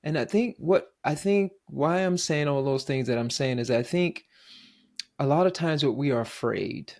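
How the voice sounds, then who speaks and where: A man hosting a podcast, talking reflectively in a thoughtful, halting way with many restarts. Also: a little high, darkish tone. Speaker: podcast host. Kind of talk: reflective conversation.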